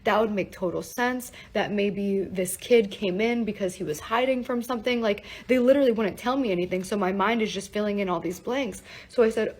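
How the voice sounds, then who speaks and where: Young woman, husky voice, casual storytime vlog, emotional, shaken, fast swearing chatter. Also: mid-range voice, a little mellow, rough recording. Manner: fast, breathless, heavy use of "like" and swearing. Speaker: storyteller recounting a personal event.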